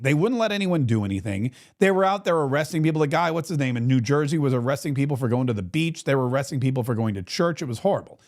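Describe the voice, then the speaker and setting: A man hosting a political talk show, telling a rambling story in a casual, animated way. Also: fairly high pitch. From Florida.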